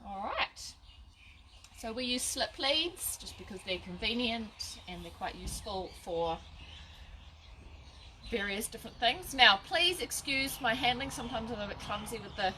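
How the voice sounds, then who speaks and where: A woman on the high side, expressive and unhurried, sounds pushed and bright over a slight hiss or hum. She's chatting through a dog-training lesson on live video, often restarting and laughing at her own slips. The audio comes from a phone or camera at short range.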